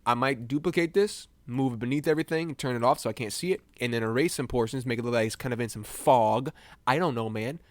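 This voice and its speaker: A man's voice: medium pitch, fast talker, no echo. A young American man chatting casually while he edits images live for a stream, rambling, joking at himself and laughing often. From United States.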